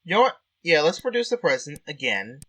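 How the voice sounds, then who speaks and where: Man, let's-play commentary, chatty, amused, bright tone, lively pitch. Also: brisk. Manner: chatty, easily amused, thinks aloud. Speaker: game player. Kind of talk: let's-play commentary and reading game text.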